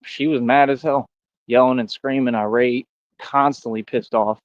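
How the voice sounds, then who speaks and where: A man's voice: medium pitch, steady tone, moderate pace, no echo, dull audio. A man ranting to his chat on a livestream, boastful and confrontational, who keeps calling people bro.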